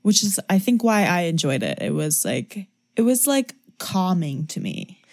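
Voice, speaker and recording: A woman's voice: on the low side, wildly swooping pitch, unhurried, darkish tone, dry recording, clean studio sound. Laid-back woman podcaster with a bouncy voice. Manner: laid-back, hesitant, often trailing off with ums. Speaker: podcast co-host. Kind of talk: casual chat reviewing a movie.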